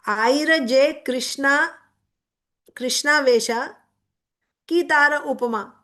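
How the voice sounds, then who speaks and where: A woman's voice: high voice, a bit bright. A woman giving a devotional scripture class, reciting verses and then explaining them word by word.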